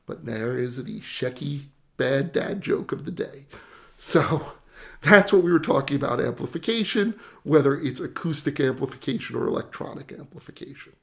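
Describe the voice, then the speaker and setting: A man teaching how sound is amplified in an explainer lesson, animated and self-mocking, demonstrating with sound effects and dad jokes. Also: mid-range voice, normal speed, gravelly. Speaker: tech educator.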